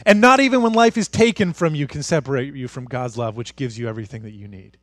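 A man preaching a sermon as pastor, moving from hushed, intimate passages to fired-up, rising declarations. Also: a little high, animated, a little fast, no room sound, studio quality. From Canada.

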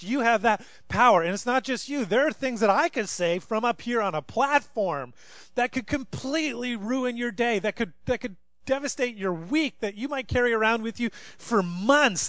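A male pastor with a fairly high voice preaches to a congregation in a relaxed, storytelling way, full of light humor. The sound is close and dry, with no room echo. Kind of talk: sermon with storytelling. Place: in front of a live congregation.

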